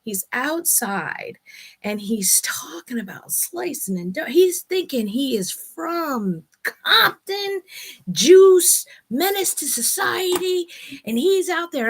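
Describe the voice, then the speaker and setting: A middle-aged woman hosts her own casual video chat, a little higher-pitched than most women. She talks bluntly and swears freely, venting her frustrations without any filter. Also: sing-song, slow. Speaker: vlog host. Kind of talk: candid personal chat.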